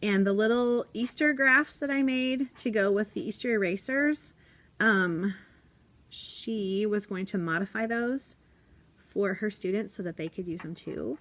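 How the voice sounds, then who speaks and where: A woman's voice: medium pitch, measured pace, fairly bright tone. Bubbly, giggly woman teacher chatting. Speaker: elementary school teacher. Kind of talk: casual classroom vlog chat. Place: at her desk in a classroom.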